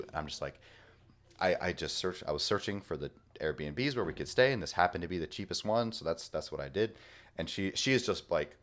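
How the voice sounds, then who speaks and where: A young man from Washington state, co-hosting a podcast and telling an animated story. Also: deep voice, fairly quick. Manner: animated, acts out people's lines in the story. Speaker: podcast co-host. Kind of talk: casual storytelling.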